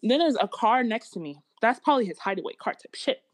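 A woman in casual podcast chat, telling a story in slangy, animated talk. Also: a little high, fast.

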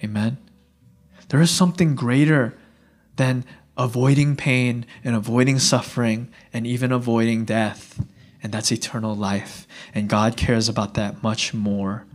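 A young male pastor preaches a sermon casually and conversationally, animated and often acting out what people would say. His voice is mid-range and his pace measured.

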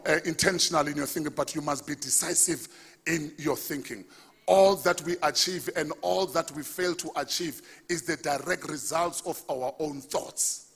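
A man preaching a sermon as pastor, building to shouted lines and calling out to the congregation. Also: a little high, breathy edge. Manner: preaching, rising to shouts, asking the congregation for responses.

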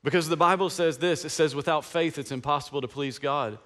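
Bright-voiced preacher man. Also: a little high, a little fast. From East Tennessee, USA. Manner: impassioned preaching with call-and-response. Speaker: pastor. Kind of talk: Easter sermon.

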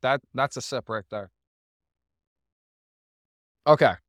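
A man's voice: medium pitch, slow pace, no room sound, studio quality. A man hosting a podcast, chatting casually with short encouraging reactions. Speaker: podcast host. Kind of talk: casual interview chat.

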